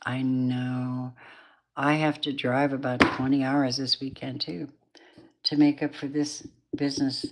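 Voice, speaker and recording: A woman with a low voice gives a live tarot reading late at night. She sounds tired and drowsy. She rambles warmly and calls her viewers babies and darlings. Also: flat delivery, moderate pace, background noise. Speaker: tarot reader.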